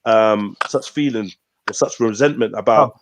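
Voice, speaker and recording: A man's voice: on the low side, normal speed, a little hiss or hum. A man hosting an online panel, dismissive and slangy in an argument. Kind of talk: heated live-stream argument.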